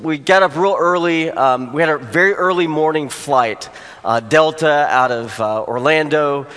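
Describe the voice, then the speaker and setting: A man, a pastor, telling a humorous personal story during a sermon, animated at the funny moments. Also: fairly high pitch, normal speed. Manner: storytelling, rising to animated exclamations for comic effect. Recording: long hall reverb.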